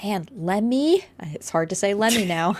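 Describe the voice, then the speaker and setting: A laid-back woman co-hosts a casual chat in an ordinary mid-range voice. She thinks aloud, with ums and drawn-out words. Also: mid-range voice, expressive, very noisy. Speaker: podcast co-host.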